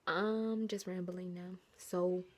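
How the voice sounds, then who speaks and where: A young woman telling a story in a casual vlog, excitable and rambling with many fillers, poking fun at herself. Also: lowish voice, takes it slowly, a little hiss or hum. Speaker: vlogger.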